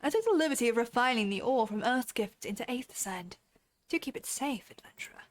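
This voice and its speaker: A woman's voice: on the high side, expressive, fast talker, close to an everyday voice. Grand old-fashioned chronicler, read by a woman. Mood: grandiose. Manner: formal, archaic, flowery delivery. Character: grandiose male chronicler of heroic deeds.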